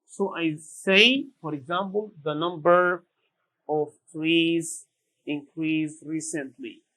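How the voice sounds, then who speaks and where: Slow, deliberate man teaching English. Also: on the high side, fairly bright tone, rough recording. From Sudan. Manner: repeats each word slowly and deliberately. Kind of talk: slow classroom vocabulary lesson.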